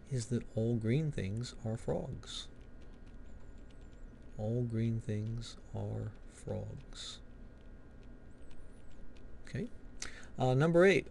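A man walks through a logic lesson at an even, mid-range pitch, posing questions and then answering them himself. A faint noise hums under his voice. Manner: explains step by step, asks and answers his own questions. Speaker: logic instructor. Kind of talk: recorded lecture walkthrough.

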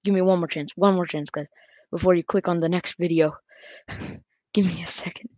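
Excitable gamer chatting thru a platformer, gravelly edge, dull dry lo-fi mic, breath right on it. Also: mid-range voice, no room sound. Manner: chatty, excitable, quick self-corrections. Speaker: gaming YouTuber. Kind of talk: casual gameplay commentary. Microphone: close desk mic picking up breath.

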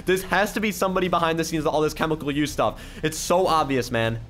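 A man hosting a gaming channel, giving excitable, exclamatory commentary as he plays and reading other players' chat aloud in his own voice. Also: on the high side, fast. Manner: excitable, exclamatory, keeps repeating "oh my goodness". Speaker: YouTuber gaming host. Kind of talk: let's-play gameplay commentary.

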